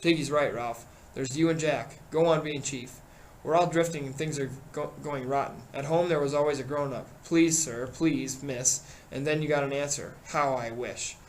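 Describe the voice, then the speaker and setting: A man voicing a gentle, quiet boy with a wistful manner while reading a novel aloud. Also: on the high side, steady tone, moderate pace, a little hiss or hum, natural voice, rough recording.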